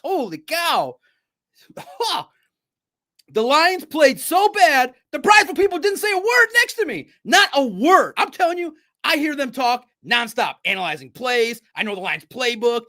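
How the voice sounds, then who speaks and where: A man hosts a live sports recap stream in a rambling, excitable way, laughing often. His voice sits high and bright. He lurches between loud outbursts and muttered asides. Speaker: sports podcast host.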